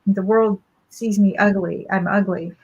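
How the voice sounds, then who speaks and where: A woman's voice: medium pitch, steady tone, measured pace, a little mellow, breathy edge, dull audio. A woman voicing a tearful little girl puppet in a spoken story, sad and self-pitying.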